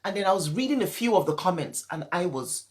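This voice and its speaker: Emotional woman coach on a live stream, teary, very animated voice, hammers her points again and again. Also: on the low side, fairly quick. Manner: emphatic, repeats key points. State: upset and teary. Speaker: parenting coach.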